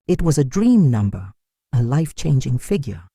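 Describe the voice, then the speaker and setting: Story narrator, mellow tone, animated delivery, dry close sound. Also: medium pitch, moderate pace, slightly rough, no room sound.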